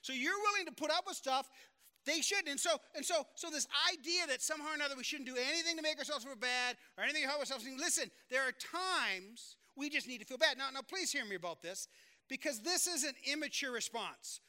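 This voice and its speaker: A man's voice: extremely high pitch, expressive, a little fast, pushed and bright. A male pastor giving an earnest, conversational sermon, repeating phrases for emphasis.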